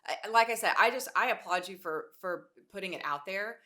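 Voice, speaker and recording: A woman co-hosting a casual podcast, talking in a supportive, animated way. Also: mid-range voice, a little fast. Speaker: podcast co-host.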